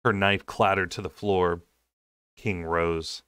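A man narrating a fantasy novel aloud with steady, expressive delivery. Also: sits low, slow pace, clear, resonant tone, dry recording, studio quality. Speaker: amateur audiobook reader. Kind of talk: dramatic novel reading.

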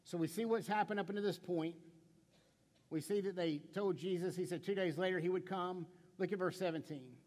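In a church sanctuary with big-room sound, a middle-aged pastor with a high-pitched, darkish voice preaches fairly quickly. His sermon is conversational and playful, with stammered restarts, rhetorical questions and stories featuring acted-out quotes.

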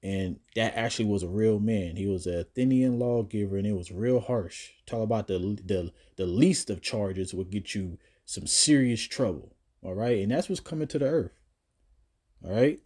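A man teaching scripture in a casual, slangy preaching style, with emphatic swings in pitch and loudness. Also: normal speed, slightly rough. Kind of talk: informal preaching.

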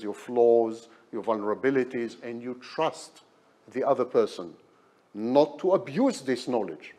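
A man's voice: medium pitch, darkish tone. A man lecturing at a hospital, emphatic and repeating key words for effect. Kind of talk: academic lecture.

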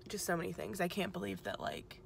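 A woman's voice: lowish voice, big pitch swings, vocal fry, a little hiss or hum. Drained young woman vlogging. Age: young adult. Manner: rambling, emotional, talks in quick asides. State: drained after exam. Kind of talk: casual vlog chat. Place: outside a testing center.

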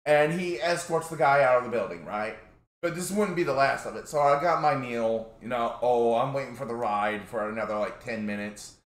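Guy rambling thru a story, says like a lot, middle pitch, echoey room. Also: normal speed. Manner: rambling, lots of "like" and fillers. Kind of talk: casual storytelling.

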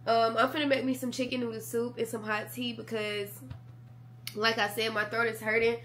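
A woman's voice: a little high, flat delivery, moderate pace, fairly bright tone, slight background noise. A young woman vlogging from bed at home, sick with a sore throat and a stuffy nose, chatting casually to her viewers and calling them y'all. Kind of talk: casual chat to camera. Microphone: camera mic.

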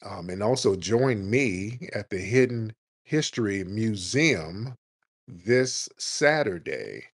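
Brief: male talk-radio host, blunt and confrontational, lively delivery, dry booth sound. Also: on the low side, slow pace, dry recording. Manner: blunt, mocking, profane.

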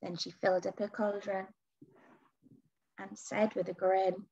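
A woman reading a children's storybook aloud for a school, dramatic and expressive, with whispers and gasps. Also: medium pitch, a little slow, vocal fry, pauses often, breathy edge, muffled recording.

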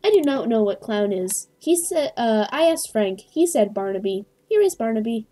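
Brief: giggly woman streamer, husky and breathy, somewhat high voice. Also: expressive, normal speed, mellow. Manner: giggly, gushing, reads messages aloud. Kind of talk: casual live-stream chat.

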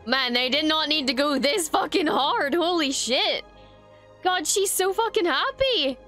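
A woman hosting a reaction video, excitably commenting, gushing and swearing freely. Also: high voice, unhurried, soft background music.

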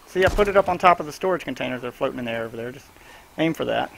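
A man with a gravelly voice at an everyday, middling pitch chats casually while he plays. He gives a teammate quick, offhand instructions in a loose, easygoing way. A faint hiss sits under the recording. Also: lively intonation, rough recording. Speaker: gamer streaming his own play. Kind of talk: casual gameplay commentary to a teammate.

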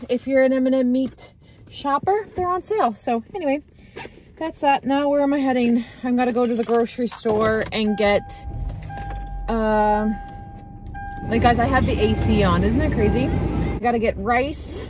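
A woman's voice: on the high side, moderate pace, noisy background. A young woman from Canada chatting casually to her vlog camera from her car, laughing often and trailing off. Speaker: vlogger.

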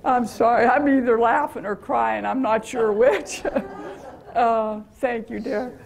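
A woman's voice: fairly high pitch, steady tone, slow, gravelly. An older American woman telling stories of her mission trip to a church meeting, chatty and laughing often. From USA. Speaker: guest speaker.

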